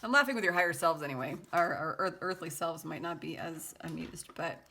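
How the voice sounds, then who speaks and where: With a deep, sharp-toned voice and a slightly fast pace, a tarot card reader gives viewers a casual reading. Her talk is loose and filler-heavy, chatty, sarcastic, and full of easy laughter.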